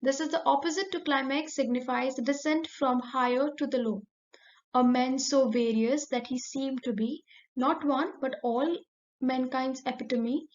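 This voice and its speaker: Female teacher explaining a lesson, bright high voice, muffled low-fi recording.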